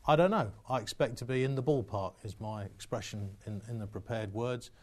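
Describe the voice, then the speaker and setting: A man's voice: medium pitch, brisk. Frank, firm male executive. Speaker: company executive. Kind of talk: results presentation Q&A.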